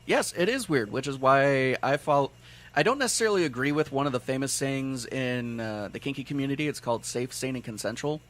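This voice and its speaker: A man's voice: medium pitch, fairly quick, fairly bright tone. A man with a Midwestern accent hosting a casual podcast chat, talking bluntly and explaining at length with plenty of swearing. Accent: Midwestern American.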